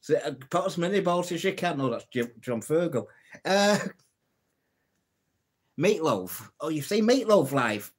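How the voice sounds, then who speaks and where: Male host, casual joke-telling livestream, a touch high-pitched. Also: lively intonation, measured pace, pauses often, slightly rough. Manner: chatty, laughs at own jokes, reads out comments. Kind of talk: casual live-stream chat telling jokes.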